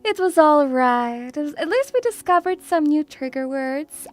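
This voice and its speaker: A woman's voice: high-pitched, moderate pace, few pauses, soft background music. A woman streaming casually, bubbly and teasing, calling her viewers pet names. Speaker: VTuber streamer.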